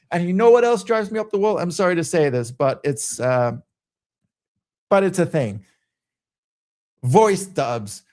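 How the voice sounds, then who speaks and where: A man's voice: high-pitched, a little mellow. A man hosting a casual commentary stream, ranting in a rambling, exasperated way with many fillers. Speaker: stream host.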